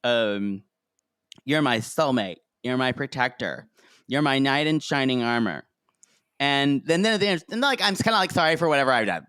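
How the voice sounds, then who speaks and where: A man's voice: mid-range voice, animated, moderate pace, fairly bright tone, smooth, dry recording, studio quality. A man co-hosting a podcast in casual chat recapping reality TV, catty and laughing, acting out quotes. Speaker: podcast co-host.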